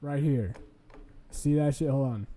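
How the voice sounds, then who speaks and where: A man's voice: mid-range voice, measured pace, mellow. A young man streaming late at night, rambling and swearing casually as he chats. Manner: rambling, profane, chuckling.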